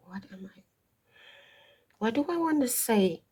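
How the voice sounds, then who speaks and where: A woman's voice: on the high side, expressive, unhurried, dark tone, husky. A woman giving a casual tarot and astrology reading to her viewers, wandering off topic and stopping to stress her points. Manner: digressive, emphatic, stops to stress points. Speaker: tarot reader.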